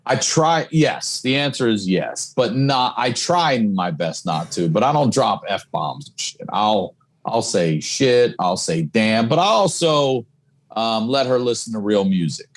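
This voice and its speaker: A man's voice: fairly low pitch, expressive, unhurried. A middle-aged man, a comedian, chatting as a podcast guest in a loose, profane storytelling way. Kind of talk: casual podcast chat.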